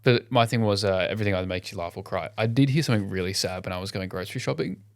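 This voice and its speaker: Low-voiced man telling stories. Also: very fast, no echo, clean studio sound. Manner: storytelling, swearing, animated quoted voices. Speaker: podcast co-host. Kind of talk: casual chat.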